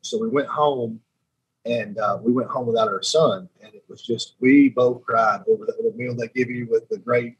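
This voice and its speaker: Earnest man telling a story, very husky. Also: medium pitch, steady tone, normal speed, muffled recording. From Alabama, United States. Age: 30s. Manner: earnest, repeats himself, restarts sentences. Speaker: podcast guest. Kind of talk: emotional personal storytelling.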